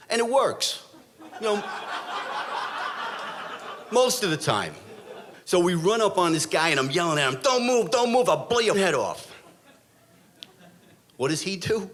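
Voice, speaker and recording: Lively, animated storytelling man. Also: a little high. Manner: animated, dramatic, blunt street talk. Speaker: storyteller, former police officer. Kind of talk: live stage storytelling.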